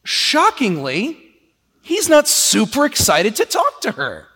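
A man preaching a sermon in a lively, conversational way, often slipping into quoted voices. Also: very high voice, unhurried, in a large hall.

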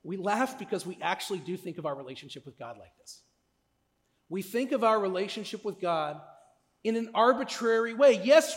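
A man preaching a sermon as a pastor, in a conversational way, often checking in with listeners with a quick question. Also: high voice, in a large hall. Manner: conversational, asks listeners "right?".

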